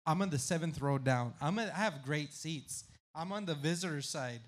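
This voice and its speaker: A man on a podcast telling a story in casual chat, loud and profane, shouting out the voices of the crowd. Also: on the high side, normal speed, background noise. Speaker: podcast guest.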